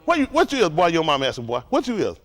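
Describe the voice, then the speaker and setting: A man's voice: on the high side, huge pitch swings, racing. A man teaching a religious study group in a fiery preaching style, profane and provocative, firing rhetorical questions at the room.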